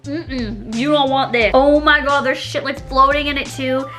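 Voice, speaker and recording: A young woman chatting to camera in a casual vlog, giggly and dramatic with quick reactions, at home in her kitchen. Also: sits high, steady tone, pushed and bright, faint music behind. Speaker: vlogger.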